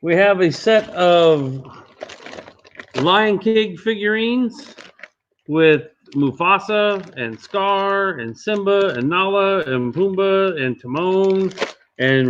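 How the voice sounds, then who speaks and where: A man running a live online charity auction, calling and repeating bids briskly. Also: high voice, a little hiss or hum. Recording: dull lo-fi stream audio.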